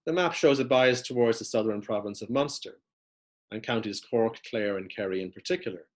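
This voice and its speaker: A man giving a prepared lecture, reading steadily from notes as he walks through maps. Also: fairly low pitch. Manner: measured, reads from notes with map references.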